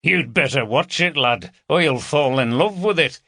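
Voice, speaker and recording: A man's voice: on the high side, animated, creaky, a bit bright, no echo, clean studio sound, pitched above the performer's own voice, exaggerated voice. A man voicing a jovial, teasing male chief inspector with a Yorkshire accent. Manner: hearty, teasing, brisk.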